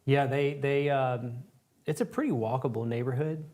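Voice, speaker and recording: A male painting teacher hosting a live-stream lesson. He talks in a loose, rambling way, full of "like" and "um." His voice sits at an ordinary middle pitch. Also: normal speed, darkish tone. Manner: casual, rambling with fillers. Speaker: art instructor and host.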